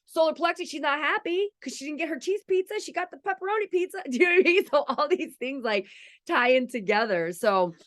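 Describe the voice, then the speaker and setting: A woman hosting a spiritual podcast in a loose, chatty way. She talks candidly and casually and swears freely. Her voice sits a little high. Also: animated, fairly quick, fairly bright tone. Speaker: podcast host.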